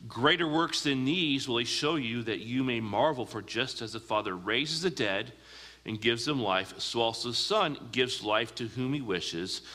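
A man preaching a sermon as a pastor, earnest, asking the listeners questions and slowing down for emphasis. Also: medium pitch, pushed and bright, big-room sound.

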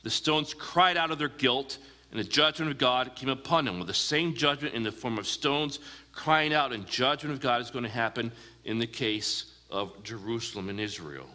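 A man preaching a sermon as a pastor, earnest, asking the listeners questions and slowing down for emphasis. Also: medium pitch, sharp tone, long reverb tail.

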